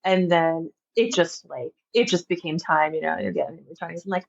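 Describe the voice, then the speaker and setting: A woman's voice: fairly low pitch, normal speed, vocal fry, few pauses, muffled recording. A woman from Long Island with a faint New York accent, chatting as a podcast guest, laughing often and saying "like" a lot. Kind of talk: casual interview chat.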